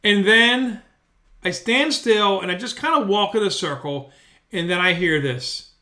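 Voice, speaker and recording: A man's voice: high-pitched, unhurried, bright, forceful tone. A man telling a story at home in a loose, profane, rambling way into a mic. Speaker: storyteller vlogger. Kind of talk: casual storytelling. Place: indoors at home, bedroom. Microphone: studio mic.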